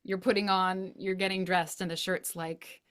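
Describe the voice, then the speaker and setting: A woman who is a parenting educator and a guest, chatting casually, telling lively stories with frequent laughs. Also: on the low side, moderate pace, clean tone. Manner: animated storytelling, laughs often, acts out voices. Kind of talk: casual interview chat.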